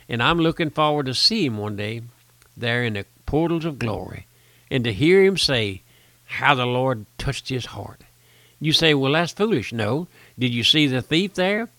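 Older man, radio preacher, pleading folksy delivery, medium pitch, dry recording. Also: bright, forceful tone, no room sound. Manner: folksy, pleading, rising to emphatic peaks. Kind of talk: radio sermon.

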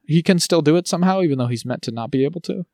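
A man co-hosting a podcast in casual chat, ranting in an exasperated way with sudden jumps in pitch. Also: expressive, very fast, vocal fry, darkish tone, dry recording, clean studio sound. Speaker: podcast co-host.

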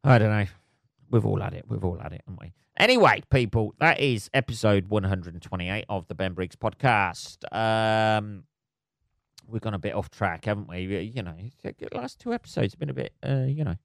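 Sweary, rambling podcast host. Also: male voice, lowish voice, sing-song, moderate pace, gravelly, a bit bright, no echo, studio quality. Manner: swearing, rambling and laughing at his own jokes. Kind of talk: solo podcast monologue.

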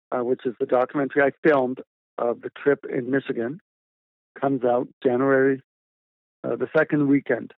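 A man's voice: medium pitch, no room sound. A man, a documentary filmmaker, telling a story in a rambling, casual way with repeated words and fillers. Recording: tinny phone line, dry.

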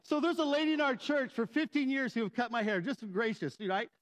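A man's voice: very high-pitched, lively intonation, a little fast, rough recording. A middle-aged man preaching a conversational sermon with humor and asides to the congregation. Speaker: pastor.

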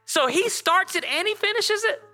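A male pastor preaching a lively sermon in church, talking straight to the congregation and drawing it into call and response. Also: extremely high pitch, normal speed, faint music behind.

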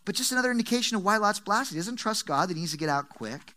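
A middle-aged man preaching a sermon to his church, emphatic and repetitive, with big swings in pitch and volume. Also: animated, fast, sharp tone. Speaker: pastor.

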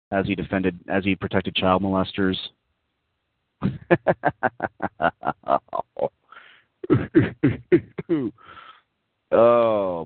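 A man's voice: low voice, no echo. A man hosting a casual call-in talk show, mocking and profane, rambling through many fillers, over a dry, tinny phone-line recording.

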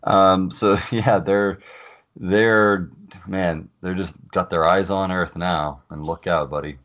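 Deep-voiced man, excitable podcast chat. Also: takes it slowly, highs cut off. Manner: excitable reactions, laughs often, many fillers. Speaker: podcast co-host. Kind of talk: casual chat.

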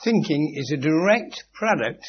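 A spiritual teacher gives an informal philosophical lecture to a live group in a meeting room, his fairly high voice lively, unhurried, and breathy-edged. He's emphatic and instructive, adding dry witty asides and repeating key phrases. It's a muffled 1980s lecture tape with faint hum.

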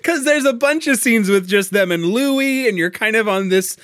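A man with a notably high voice co-hosts a podcast, talking casually and eagerly about a play. He laughs often and trips over quick restarts. The recording is dry, with no room sound. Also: lively intonation, fairly bright tone, smooth, no room sound, faint music behind. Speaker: podcast co-host discussing a play. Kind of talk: casual analytical chat.

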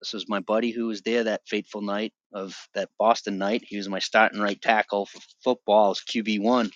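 A man's voice: on the low side, level tone, a little fast, no echo. A man in his thirties from Massachusetts, telling his faith testimony as a podcast guest in a loose, emotional, slangy way over a remote call. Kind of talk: casual storytelling. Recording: dull lo-fi call audio.

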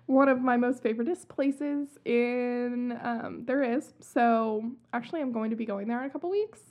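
A woman's voice: fairly high pitch, normal speed, darkish tone. A young woman hosting a casual podcast, chatty and giggly, swearing casually as she tells spooky stories. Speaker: podcast host. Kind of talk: casual chat about haunted places. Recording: dull lo-fi sound.

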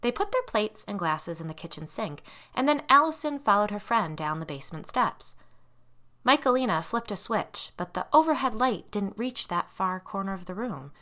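Woman narrator, bright and lively, expressive scary-story reading. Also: mid-range voice, moderate pace.

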